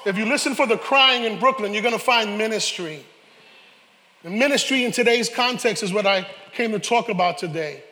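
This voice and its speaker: A man preaching a sermon, animated, with joking asides and shouted peaks. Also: high-pitched, a little fast. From New York, Harlem. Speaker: pastor. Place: church sanctuary. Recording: reverberant church hall.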